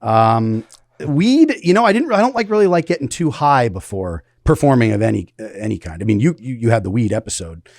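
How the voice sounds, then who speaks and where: A male podcast host chatting casually. He rambles freely, with frequent laughs, in a mid-pitched voice. The sound is close and dry. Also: big pitch swings, brisk, a little mellow, no echo. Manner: rambling, loose, laughing often. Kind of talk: casual chat.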